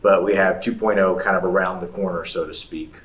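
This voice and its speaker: A man's voice: low voice, fairly even intonation, a little fast. A man in an audience asking a question, hesitant and full of fillers. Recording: roomy, from far off the mic, faint noise.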